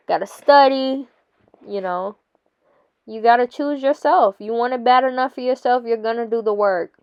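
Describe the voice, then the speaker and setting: A woman's voice: on the high side, a little mellow, clear, resonant tone. A young woman narrating her gym workout vlog, chatty and encouraging, laughing often and calling her viewers honey. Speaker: fitness vlogger. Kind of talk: casual workout vlog voice-over.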